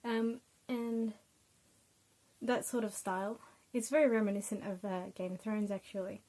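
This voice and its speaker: A woman's voice: medium pitch, little pitch movement, normal speed, dark tone, low-quality recording. Young Australian woman, casual reviewer, chatty and loose, mid-range voice, lots of fillers. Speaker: book reviewer.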